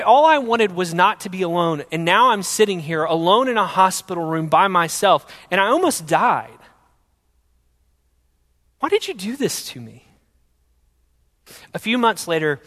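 A young man telling his personal faith testimony in an earnest storytelling way, going from loud to hushed. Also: high voice, in a large hall.

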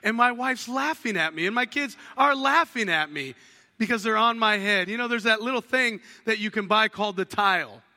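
A man preaching a sermon as a pastor, telling lively stories and acting out little household conversations. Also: high-pitched, moderate pace, in a large hall. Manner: animated storytelling, acts out household dialogues.

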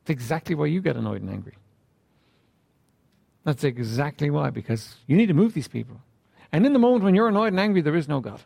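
A man preaching a sermon in a conversational way, asking rhetorical questions and often clearing his throat. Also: on the high side, expressive, fast talker, long pauses, a little mellow.

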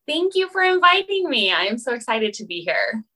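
A woman from Utah, a boundary coach, telling her story as an interview guest in an animated, chatty way full of "like" and "um". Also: on the high side, moderate pace, rough recording. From Utah, United States. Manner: animated, chatty, many fillers like "like" and "um".

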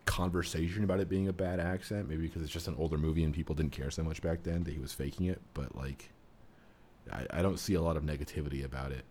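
A man's voice: a bass voice, steady tone, quick pace, a little mellow, a little hiss or hum. A man co-hosting a podcast in casual chat, rambling and amused, with lots of fillers. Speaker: podcast co-host.

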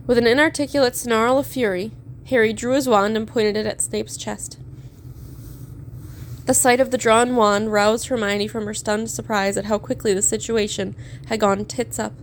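A woman narrating a story aloud in a steady, measured reading. Her voice sits fairly high, with a faint hiss underneath. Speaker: fan fiction reader.

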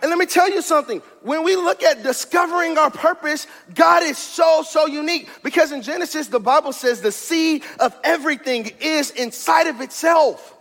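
A man preaching a sermon as pastor of his church, in a fiery, rhythmic style that builds to shouted climaxes. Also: extremely high pitch, normal speed, vocal fry, few pauses, big-room sound. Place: church sanctuary.

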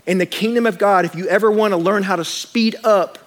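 A man's voice: sits high, fairly quick, hardly any pauses. A man preaching a sermon to a congregation in church, mixing scripture with funny personal stories and asides. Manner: storytelling with humor, animated asides to congregation. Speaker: pastor.

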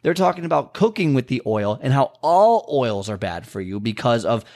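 Male trainer hosting his own podcast; loose, repetitive, filler-heavy talk at an ordinary pitch. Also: very animated, moderate pace, darkish tone. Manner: rambling, repeats himself, frequent fillers. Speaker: fitness and nutrition trainer. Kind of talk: casual podcast monologue.

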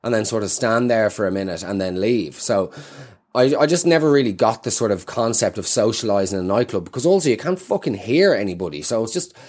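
A man's voice: on the low side, lively intonation, fairly quick, darkish tone. A man with a South Dublin Irish accent doing rambling, self-mocking stand-up comedy with plenty of swearing. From Ireland.

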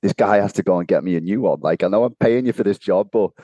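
Brief: male podcast co-host, low dark voice, dry close sound, chatty storyteller who laughs a lot. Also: fast, no room sound, lo-fi sound. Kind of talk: casual chat. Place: home kitchen.

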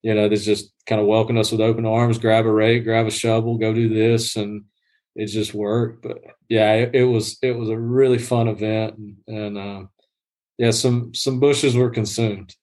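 A man's voice: fairly low pitch, little pitch movement, moderate pace, a little mellow. A man chatting casually as a podcast guest, telling a story with many restarts and fillers. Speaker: guest groundskeeper. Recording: livestreamed podcast.

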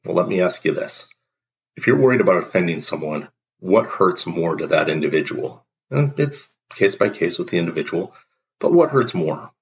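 Deep-voiced guy ranting blunt life advice, emphatic, kinda dull lo-fi sound. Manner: blunt, emphatic, acts out everyday dialogues. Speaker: host. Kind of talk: motivational monologue. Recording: dull lo-fi recording.

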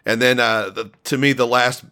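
A man co-hosting a casual album discussion, enthusiastic and halting, full of fillers and restarts. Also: medium pitch, fairly even intonation, sharp tone. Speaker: podcast co-host reviewing an album.

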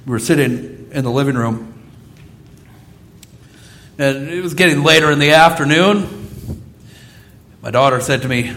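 A man preaching a sermon as pastor, telling stories with lively, acted-out quotes. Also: fairly high pitch, measured pace, pauses often. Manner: animated storytelling, acting out quoted voices.

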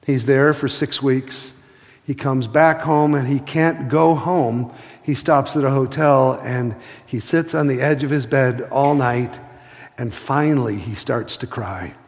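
Gravelly man preaching in an echoing hall. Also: mid-range voice. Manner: impassioned storytelling, slows to a hush for emphasis. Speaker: pastor. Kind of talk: sermon.

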